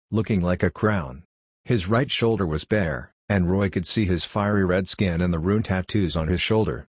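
A man narrating a fantasy audiobook with steady, even scripted reading. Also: deep voice, no echo, studio quality.

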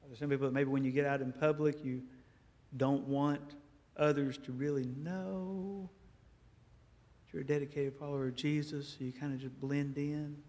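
A man preaching a sermon as a guest speaker, telling stories in a lively way and acting out dialogue in a church. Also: fairly high pitch, normal speed. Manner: animated storytelling, acts out dialogue. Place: church sanctuary. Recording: echoey church hall.

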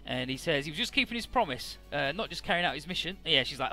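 A man's voice: fairly high pitch, animated, fast talker, creaky, bright, forceful tone, faint music behind. A man casually recapping a game's story, chatty, with many filler words and the odd swear. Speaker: let's play narrator.

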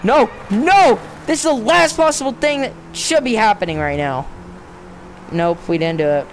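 Shouting at a race, a young gamer narrates his own play in a casual let's-play, his high voice at a moderate pace. He gets excitable and frustrated, yelling in bursts and chatting slangily to the game and himself with plenty of "dude" and "bro." Some light hiss or hum is present.

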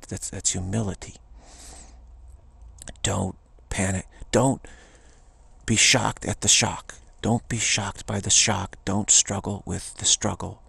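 A man's voice: fairly low pitch, vocal fry, a bit bright, slightly rough, no room sound. A man giving an informal spiritual talk in a rambling, repetitive way, often slipping into quoted voices. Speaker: spiritual teacher.

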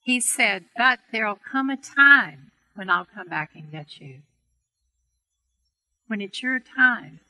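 A middle-aged woman teaching on healing prayer, telling a story gently and earnestly to an audience. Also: on the high side, lively intonation, takes it slowly, poor audio. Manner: gentle, earnest storytelling with soft quoted voices. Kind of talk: storytelling talk to a seminar audience.

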